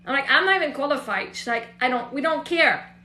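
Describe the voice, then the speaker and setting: Middle-aged woman coach, high and bright voice, blunt and animated, recorded in an echoey room. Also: a little fast. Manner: blunt, swears freely, animated storytelling. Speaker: host, emotional healing coach. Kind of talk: casual motivational talk.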